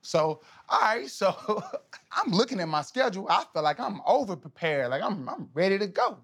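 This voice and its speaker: A man in his thirties, a podcast guest, telling stories in a casual, animated, slangy way, often laughing. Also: high-pitched, moderate pace, husky. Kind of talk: casual storytelling.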